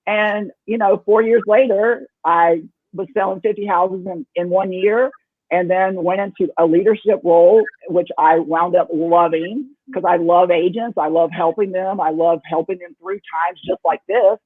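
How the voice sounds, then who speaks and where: Earnest guy on a panel, high husky voice, sounds like a phone line. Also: steady tone, normal speed, no echo. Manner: earnest, emphatic, uses repetition. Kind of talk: casual panel talk. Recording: tinny phone-like call audio.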